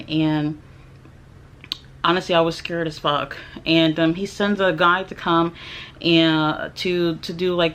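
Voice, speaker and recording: A young woman vlogger telling a personal story in a candid, indignant way, swearing freely and talking with many fillers. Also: on the low side. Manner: chatty, with many fillers and restarts.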